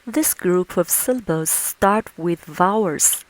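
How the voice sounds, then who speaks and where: A woman teaching a language lesson slowly and patiently, modelling sounds with clear, deliberate speech. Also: low-quality recording. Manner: clear, deliberate, models each tone with exaggerated pitch. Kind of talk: slow, patient pronunciation lesson with drills.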